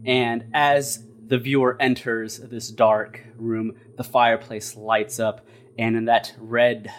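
A man, a tabletop game player, calmly describing a scene. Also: medium pitch, slow pace, a little hiss or hum.

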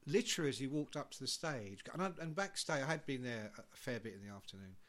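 A man in casual podcast chat, telling an animated backstage anecdote with lots of swearing and quick acted-out voices. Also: mid-range voice.

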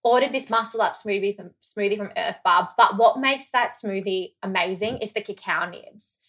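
A woman from Australia tells stories in a relaxed, casual chat. Her voice is bright and sharp, and she delivers each anecdote with animation, swears freely, and acts out the dialogue. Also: medium pitch, normal speed.

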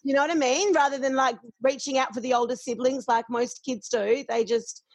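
A high-pitched woman chats openly and laughs easily. She swears without a second thought. The sound is dry and close. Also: fairly even intonation, fairly quick, no echo. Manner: candid, swears freely, laughs often. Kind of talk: casual chat.

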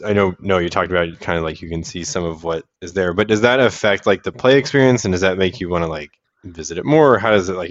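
A man with a low voice hosts a casual podcast chat, working through his questions in a halting, searching way. His audio is dull and lo-fi and sounds dry. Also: no echo. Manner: halting, rephrases questions as he goes. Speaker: podcast host.

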